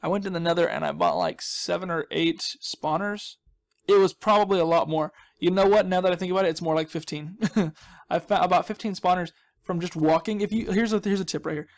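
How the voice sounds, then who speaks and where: A young man giving casual, rambling gameplay commentary with jokey asides as a video game channel host. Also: high-pitched. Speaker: let's play host.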